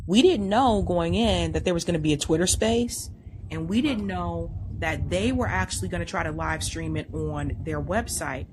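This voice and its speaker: Chatty low-voiced woman podcast host. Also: normal speed, background noise. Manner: chatty, rambling with restarts and fillers. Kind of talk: casual chat.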